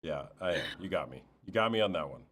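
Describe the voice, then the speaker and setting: Deep-voiced teasing American host. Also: male voice, expressive, quick pace, fairly bright tone, husky. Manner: teasing, joking, lays out scenarios. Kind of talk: casual street interview.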